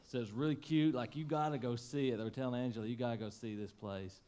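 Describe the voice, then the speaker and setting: Folksy pastor telling a story. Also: male voice, mid-range voice, steady tone, quick pace, smooth. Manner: folksy, emotional, wide swings from loud to hushed. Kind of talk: sermon storytelling. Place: church sanctuary.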